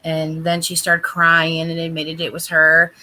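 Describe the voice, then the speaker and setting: A woman telling a story in casual chat, animated and emphatic, acting out the dialogue as she quotes it. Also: low voice, a little slow, low-quality recording.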